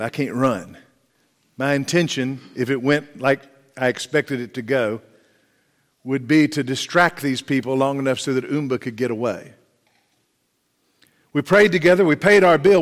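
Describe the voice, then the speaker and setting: A male preacher delivers a sermon as vivid, dramatic storytelling, his voice sitting a little high. His words ring out with a long reverb through a church hall. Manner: dramatic storytelling, rising intensity.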